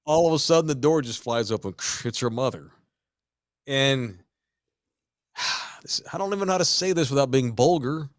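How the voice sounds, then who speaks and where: A man telling a wild story on a casual podcast, animated and swearing freely. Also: mid-range voice, moderate pace, long pauses, no room sound. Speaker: podcast host.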